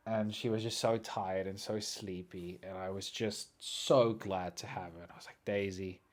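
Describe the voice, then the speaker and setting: A man hosting a podcast who tells a story casually and animatedly, jumping from loud excited bursts to quiet muttering. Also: low-pitched, normal speed. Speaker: podcast host.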